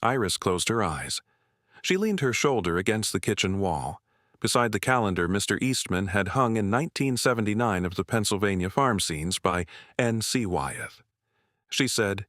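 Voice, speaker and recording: Male storyteller, low and measured, dry close read. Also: expressive, a bit bright, no echo. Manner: slow and measured. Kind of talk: scripted story narration.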